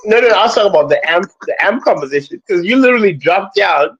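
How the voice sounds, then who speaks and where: A man hosting a casual chat show, animated and playful, often laughing and swooping up into high squeals. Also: fast, slightly rough, dull audio. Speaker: podcast host.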